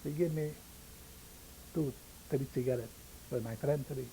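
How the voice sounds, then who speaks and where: An older man whose first language is Yiddish, giving oral history testimony in halting English and pausing to search for words. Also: mid-range voice, gravelly, mellow, a little hiss or hum, poor audio. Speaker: interviewee, survivor.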